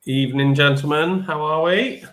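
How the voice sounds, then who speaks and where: A man telling a football-trip story in casual podcast chat over a remote call, animated and quick to laugh. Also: a little high, rough recording. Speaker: podcast co-host. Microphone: remote livestream call.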